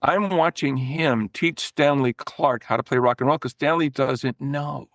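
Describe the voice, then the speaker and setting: An older man, a former record promoter, telling animated, profane stories as a podcast guest, often restarting his sentences. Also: medium pitch, unhurried, dry recording, clean studio sound. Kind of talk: casual storytelling in a podcast interview.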